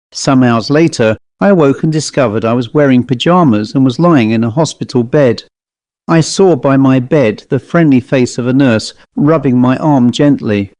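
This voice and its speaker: A man reading his own first-person ghost story aloud in a measured, suspenseful way. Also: mid-range voice, a little mellow, dry recording. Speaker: author and reader. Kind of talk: first-person scripted narration.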